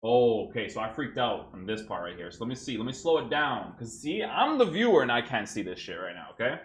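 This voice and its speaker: A man's voice: mid-range voice, big pitch swings, fairly quick. Exasperated man ranting over gameplay clips. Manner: exasperated, ranting, keeps asking "right?". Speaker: gaming YouTuber reviewing his own clips. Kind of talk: frustrated gameplay commentary. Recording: echoey room.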